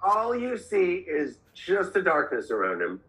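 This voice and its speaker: Guy guesting on a podcast, talks real slow, bright kinda high voice, keeps restarting. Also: huge pitch swings, rough recording. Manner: slow, emphatic, circling restarts. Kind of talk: casual chat.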